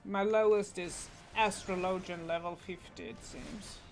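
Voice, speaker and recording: A woman's voice: fairly low pitch, fairly even intonation, unhurried. A woman streaming a game, muttering and swearing casually at what is happening on screen. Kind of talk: casual gameplay commentary.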